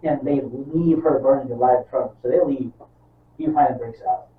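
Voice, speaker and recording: Speaking briskly in a mid-range voice, a man co-hosts a casual podcast, swearing often and animatedly acting out the movie scenes he retells. He's far off the mic in a roomy space, and the sound is dull.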